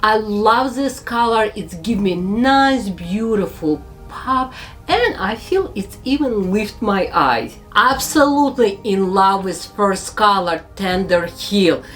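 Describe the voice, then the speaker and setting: A woman narrating a makeup tutorial as a beauty vlogger, speaking slow, careful English with non-native phrasing. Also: medium pitch, lively intonation, soft background music.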